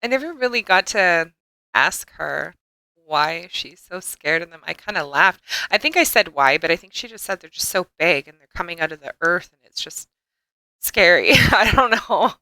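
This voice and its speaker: A woman co-hosting a casual podcast, easygoing and quick to giggle. Her voice sits fairly low but sounds bright and smooth. The recording is dry and close. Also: lively intonation, no room sound, poor audio. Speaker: podcast co-host. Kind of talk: casual chat.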